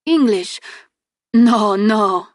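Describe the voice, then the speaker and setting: A woman reading aloud puts on a cheerful young foreign man from a storybook, stumbling eagerly through broken English. His lines come slow and a touch higher, in a dry, close voice. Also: expressive, no echo.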